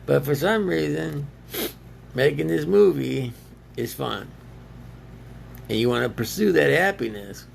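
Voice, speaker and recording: A man with a deeply gravelly, fry-heavy voice sitting a bit high for a man. He rambles slowly in a loose self-talk monologue, breaking into laughs and answering himself. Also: animated, slight background noise. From United States. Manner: laughs often, argues with himself in two voices.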